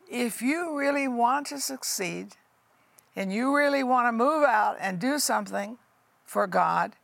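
Older woman pastor, gravelly, unhurried, dry sound; folksy emphatic sermon. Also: fairly high pitch, a bit bright, no echo. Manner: folksy, emphatic, addresses listeners as honey and folks. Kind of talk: sermon testimony.

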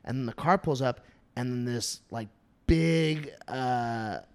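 A young man in casual chat, telling a story in an animated way, swearing and laughing often. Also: mid-range voice, slow pace, clear, resonant tone.

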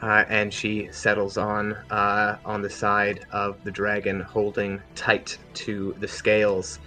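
A man with a low, bright voice serves as game master of a tabletop game. He tells the story loosely and fills the gaps with ums and uhs, while soft music plays underneath. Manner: relaxed storytelling with fillers.

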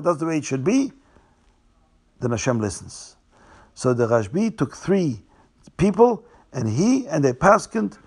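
A man telling a Hasidic tale, restating names and slowing down for drama. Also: medium pitch, breathy edge. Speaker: storyteller.

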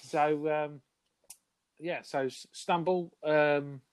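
A man's voice: fairly high pitch, fairly even intonation, very slow, clean tone, no room sound. A man, co-hosting a podcast, teasing a friend in cheeky casual banter. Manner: cheeky, teasing, laughs along. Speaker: podcast co-host.

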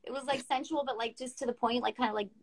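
A woman in her thirties hosting a poetry show in casual chat, excitable, slangy and swearing freely. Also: fairly high pitch, fast, crowd noise. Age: 30s.

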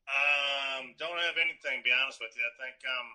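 Laid-back man with a very bright voice. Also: medium pitch, brisk. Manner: laid-back, short reactions, joking. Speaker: podcast guest. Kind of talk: casual podcast chat.

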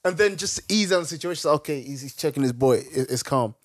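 A young man co-hosting a casual podcast chat, easygoing and quick to laugh and agree. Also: a little high, animated, no room sound, clean studio sound. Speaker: podcast co-host.

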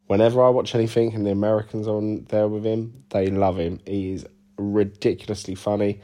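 A man, a band's singer and bassist, answering interview questions in rambling, sweary, self-deprecating banter. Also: flat delivery, fairly quick, mellow. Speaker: band bassist and lead vocalist, interview guest.

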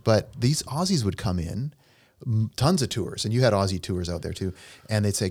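Deep voiced middle-aged dude, jokey podcast chat, rambles a lot. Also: male voice, fairly quick, a little mellow. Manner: chatty, jokey, rambling storyteller. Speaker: podcast co-host and pianist. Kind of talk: casual chat.

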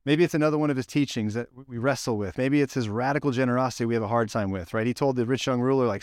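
A man preaching a casual, conversational sermon, telling the story with lively acted-out quotes. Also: mid-range voice, fast talker, no echo, clean studio sound. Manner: animated storyteller, acts out quoted lines. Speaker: pastor.

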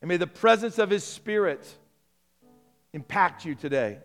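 Pastor, male, high voice; impassioned sermon that sinks to a hushed, low prayer. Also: lively intonation, normal speed, faint music behind. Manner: impassioned preaching, dropping soft and low in prayer.

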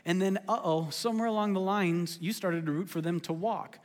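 High-voiced joking pastor. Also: male voice, a little fast. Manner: animated, joking, self-deprecating. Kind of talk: sermon. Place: church sanctuary. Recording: long hall reverb.

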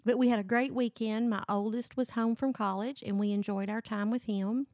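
A woman's voice: a little high, steady tone, moderate pace, a little mellow, no room sound, studio quality. A middle-aged woman hosting a book review podcast, chatting casually and gushing about the books she loves. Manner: gushing, enthusiastic.

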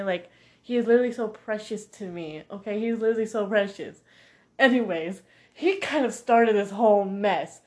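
A young woman vlogger chatting casually about a series, animated and gossipy, with sassy asides. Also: medium pitch. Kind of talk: casual chat reviewing a series.

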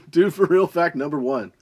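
A young adult man, high and laughing often, reading odd facts and ranting with a lot of swearing. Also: unhurried, a little mellow, slightly rough. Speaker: podcast host. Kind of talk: casual stoned rant.

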